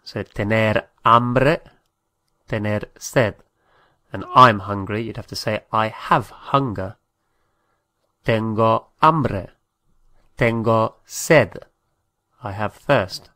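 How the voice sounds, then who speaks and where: Slow, low-voiced man teaching Spanish. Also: pushed and bright, no echo. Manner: patient, spells words letter by letter. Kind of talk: slow spelled-out language lesson.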